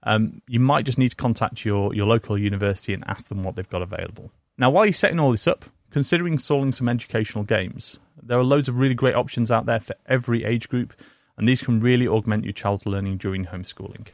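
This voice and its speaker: A man's voice: medium pitch, quick pace, a little mellow, no echo. A man from a university giving upbeat advice in a scripted explainer.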